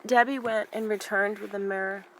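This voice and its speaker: A woman reading a novel aloud for a library in a steady, even manner. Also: medium pitch, normal speed, low-quality recording. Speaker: library reader.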